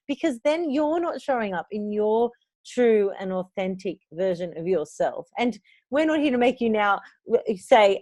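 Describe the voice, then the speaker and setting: A woman's voice: fairly high pitch, expressive, moderate pace, mellow, no echo. A woman in her thirties co-hosting a podcast, talking in an enthusiastic, effusive casual chat. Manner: enthusiastic, effusive, restarts words. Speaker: podcast co-host.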